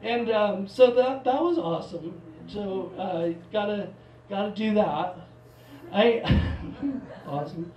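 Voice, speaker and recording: A man's voice: high-pitched, takes it slowly, darkish tone, slight background noise. Rambling man doing stand-up in a theater. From Portland, Oregon. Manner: rambling, self-mocking, many likes and restarts. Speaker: stand-up comedian. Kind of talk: stand-up comedy set. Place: theater stage. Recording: live theater mic, roomy, from a distance.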